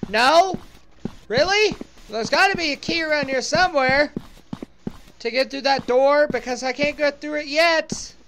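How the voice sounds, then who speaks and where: A high-pitched woman narrates her play-through of a horror game, joking and sarcastic as she goes. She talks back to the game as if it could hear her. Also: measured pace, fairly bright tone, a little hiss or hum. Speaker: let's play gamer. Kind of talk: casual gameplay commentary.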